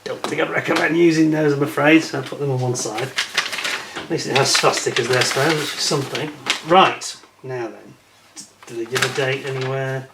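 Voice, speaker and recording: A man's voice: mid-range voice, fairly even intonation, a little fast, creaky. A man casually reviewing a model kit as he unboxes it, chatting and muttering asides to himself. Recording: echoey room with faint noise.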